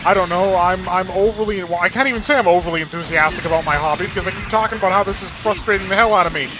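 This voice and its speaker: High-voiced, exhausted man rambling over gameplay. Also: very fast, noisy background. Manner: rambling, self-deprecating, wry. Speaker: let's play host. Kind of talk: gameplay commentary.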